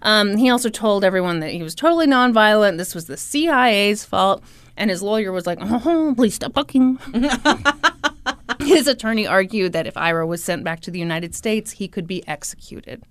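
A woman's voice: mid-range voice, moderate pace, clean tone, no room sound. A woman hosting a podcast, casually retelling a true-crime story with sarcasm and frequent swearing. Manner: profane, sarcastic, animated retelling. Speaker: podcast host.

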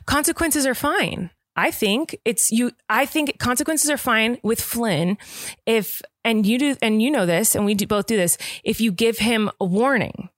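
A young adult woman co-hosting a podcast, talking at length in a chatty, animated way about parenting. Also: fairly high pitch, no echo, studio quality. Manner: talkative, animated, quick asides. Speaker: podcast co-host. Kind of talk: casual chat.

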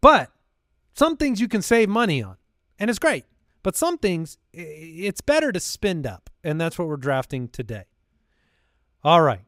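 Host type: a man with a high voice and a dry, close sound, jokey and quick to laugh. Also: very animated, fairly bright tone, dry recording. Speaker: podcast host. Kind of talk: casual chat.

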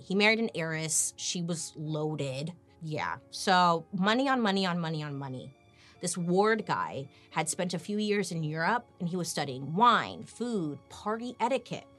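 A woman hosting a podcast, telling history in a sarcastic, casual way and swearing freely. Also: lowish voice. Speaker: podcast host. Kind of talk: casual storytelling chat.

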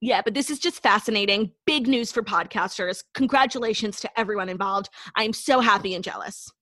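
A woman's voice: mid-range voice, a little fast, a bit bright, no echo. A young woman co-hosting a podcast in casual chat, opinionated and blunt, swearing offhand. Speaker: podcast co-host.

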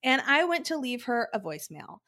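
High bright young woman, emphatic. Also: brisk. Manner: emphatic, animated storyteller, swears casually. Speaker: podcast co-host. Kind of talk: casual chat.

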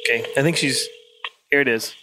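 A man's voice: mid-range voice, a little fast, noisy background. A man hosting a podcast from a tour bus, chatting casually and laughing often while playing along. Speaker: podcast host. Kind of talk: casual chat.

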